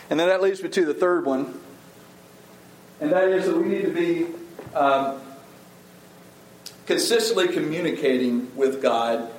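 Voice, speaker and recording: A man's voice: mid-range voice, reverberant, slight background noise, low-quality recording. A middle-aged male pastor preaching a sermon in an earnest, conversational way, often restarting his sentences.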